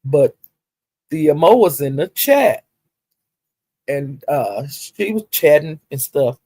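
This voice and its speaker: A woman's voice: low voice, expressive, takes it slowly, warm tone, husky, no room sound. A woman gossiping on a casual livestream, sassy and profane, with drawling "well, honey" asides. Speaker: livestream commentator.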